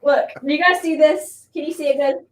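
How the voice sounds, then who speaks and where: A high-voiced woman chatting on a casual livestream. She rambles from one story to the next, giggling often and talking with loose, easy energy. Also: steady tone, a little fast, slight background noise. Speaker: livestream co-host. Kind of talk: casual live chat.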